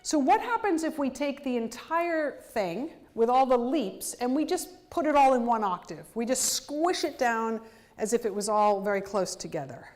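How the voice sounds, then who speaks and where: A woman composer giving a university lecture, explaining musical detail in an animated way and singing rhythms out in nonsense syllables. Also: a little high, moderate pace.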